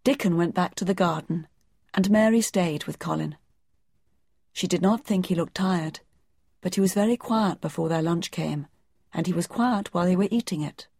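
A woman narrating a children's classic as an audiobook in a measured, even way. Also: on the low side, gravelly, slightly rough, no echo, clean studio sound.

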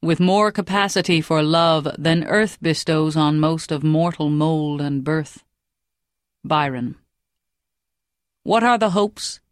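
A woman reading an audiobook in a measured, even narration. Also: deep voice, no echo, clean studio sound.

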